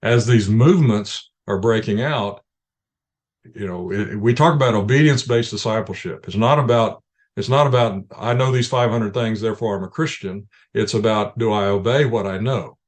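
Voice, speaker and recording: A man's voice: fairly low pitch, normal speed. A man, a ministry leader, answering interview questions in an earnest, explanatory way with frequent restarts.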